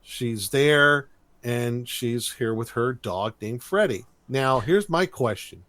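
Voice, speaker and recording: A man's voice: medium pitch, animated, slow pace, a bit bright, no room sound. Chatty man co-hosting a podcast. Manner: chatty, loose storytelling with many fillers. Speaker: podcast co-host. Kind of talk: casual cartoon recap chat.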